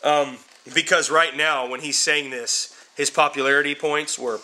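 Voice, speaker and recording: A man's voice: on the high side, steady tone, moderate pace, pushed and bright. A man teaching a Bible class, talking to his students informally and repeating words as he drives home each point. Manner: emphatic, repeats words while building points; addresses students informally as guys.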